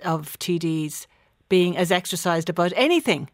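A woman's voice: lowish voice, animated, moderate pace, no echo, studio quality. A middle-aged Irish woman hosting a radio phone-in, chatting casually with callers and often restarting her sentences with fillers. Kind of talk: casual on-air chat with callers.

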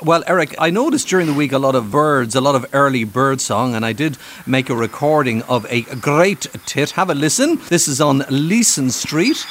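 A man's voice: mid-range voice, expressive, normal speed, few pauses, fairly bright tone, slight background noise. A man presenting a radio nature show, chatty and asking questions. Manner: chatty, inquisitive.

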